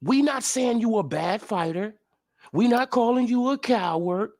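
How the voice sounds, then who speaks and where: A man's voice: extremely high pitch, lively intonation, unhurried, a little mellow. A man ranting in sports commentary as a vlogger, profane and incredulous, firing off heated rhetorical questions.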